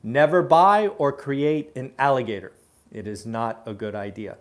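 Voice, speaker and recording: With a medium-pitched voice at a moderate pace, a middle-aged man runs a live daily real estate show from a room in his house. Speaking straight to the camera on his own, he gives direct, emphatic advice full of "uh" fillers.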